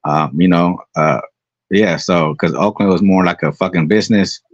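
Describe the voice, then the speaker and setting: A man's voice: low voice, steady tone, normal speed, no echo. A man from the Bay Area with Bay Area slang, talking in a laid-back, slangy casual chat. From Bay Area, California. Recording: dry, lo-fi audio.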